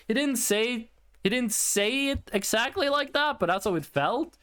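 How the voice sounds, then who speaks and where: Young male streamer, high voice, animated delivery, loose rambling storyteller at a desk mic. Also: normal speed, clear, resonant tone. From Norway. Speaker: livestreamer. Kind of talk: casual chat with chat.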